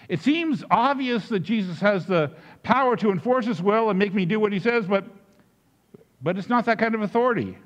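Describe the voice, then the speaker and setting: Male pastor, storytelling sermon delivery, pitch all over the place, slightly muffled recording. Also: moderate pace, big-room sound. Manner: storytelling, animated, with restarts.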